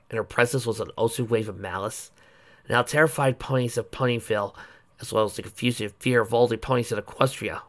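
A reader narrating a fan-fiction story with chatty, enthusiastic asides. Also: medium pitch. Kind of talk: casual story reading with asides.

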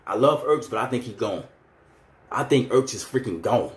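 A fired-up man in his thirties goes on a heated fan rant, loose and slangy. His Philly is clear, and his mid-pitched voice rings in an echoey room. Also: animated, normal speed. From Philadelphia. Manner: heated, ranting, street slang. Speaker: vlogger.

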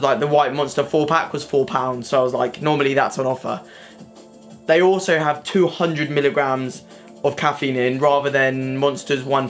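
A young British man with an English accent vlogging casually to camera, slangy and sweary, tagging "mate" onto his sentences. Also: mid-range voice. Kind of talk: casual vlog talk to camera. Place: at home, then by car and outdoors.

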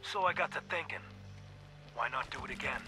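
A man's voice: mid-range voice, brisk, over music, close to an everyday voice, low-quality recording. An actor playing a scheming male mob boss, talking smugly and menacingly in a recorded game audio log. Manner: smug, menacing.

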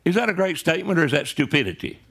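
A man preaches a sermon in a loose, conversational way, often pausing to check in with his congregation. His voice sits a little high and has a gravelly edge. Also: lively intonation, fairly bright tone. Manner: conversational preaching with frequent "right?" asides. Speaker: pastor. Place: church sanctuary.

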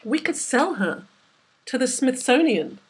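A woman's voice: high voice, sing-song, unhurried, slightly rough, pitched above the performer's own voice, exaggerated voice. A woman doing a greedy bossy older fisherman. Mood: scheming. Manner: barks orders, insistent.

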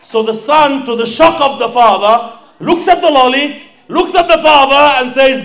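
A man's voice: very high-pitched, moderate pace, fairly bright tone. A man giving an impassioned fundraising sermon, calling out to the audience and acting out a story. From Sydney. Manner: impassioned, calls out to the crowd and acts out a story. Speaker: fundraising preacher.

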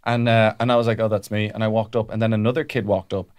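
A man's voice: fairly low pitch, flat delivery, clear, resonant tone. A young Irish man co-hosting a comedy podcast, telling a childhood story in casual chat with many "uh"s and restarts. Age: young adult. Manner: halting, filler-heavy storytelling with lots of "uh".

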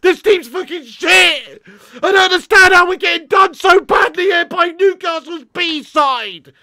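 A young man ranting angrily and loudly as host of a live football watch-along, swearing constantly. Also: very high-pitched, unhurried. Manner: angry, sweary, loud ranting. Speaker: football fan livestream host.

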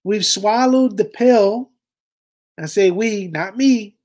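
A man's voice: high-pitched, slow pace, darkish tone. A man hosts a reaction commentary in a fervent, preaching manner. He talks directly to his audience and pushes each point hard. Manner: impassioned, preachy, addresses listeners as "y'all". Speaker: commentary host.

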